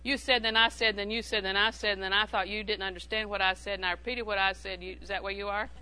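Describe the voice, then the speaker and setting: Bright-voiced woman preaching a sermon. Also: medium pitch, flat delivery, fast talker, slight background noise, poor audio. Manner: humorous, conversational preaching with frequent laughs; repeats phrases for emphasis.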